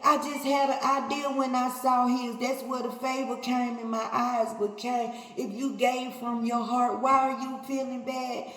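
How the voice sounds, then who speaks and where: A woman's voice: a little high, little pitch movement, unhurried, hardly any pauses, fairly bright tone, soft background music, voice pushed up. A woman voicing God as he scolds a jealous son, with stern, repetitive questioning. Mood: scolding. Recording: echoey hall, faint ambience.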